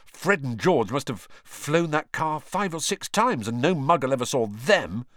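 A man's voice: medium pitch, big pitch swings, measured pace, a bit bright, no room sound, studio quality, voice pushed up. A man voicing an impatient, blunt teenage boy in a storybook reading. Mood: casual.

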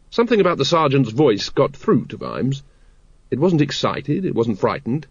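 Man, audiobook narrator, dry wry delivery, middle pitch, dead close room, slightly muffled sound. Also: very animated, moderate pace, husky, dry recording. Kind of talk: scripted narration.

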